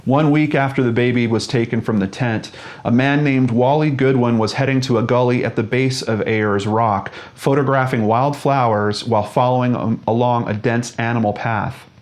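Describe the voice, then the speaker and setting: A man in his forties hosting a channel, reading a scripted true-crime story in a measured, earnest way. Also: medium pitch, fairly even intonation. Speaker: host.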